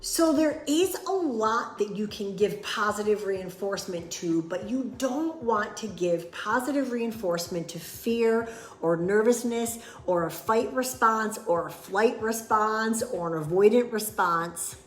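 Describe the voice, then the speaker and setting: A woman's voice: mid-range voice, a little slow, reverberant, soft background music. A woman dog trainer giving earnest, plain-spoken advice and acting out sample replies. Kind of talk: instructional talk to camera.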